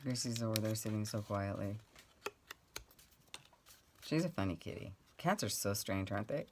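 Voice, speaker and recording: A middle-aged woman chatting casually as she crafts at home, rambling and laughing often. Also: rumbling low. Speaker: craft vlogger. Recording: clear rustling and clicking noise.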